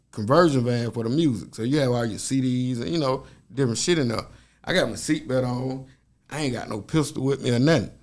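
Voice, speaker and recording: A man speaking as a podcast guest, telling a story in a profane, animated way and acting out other people's voices. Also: mid-range voice. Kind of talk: casual storytelling.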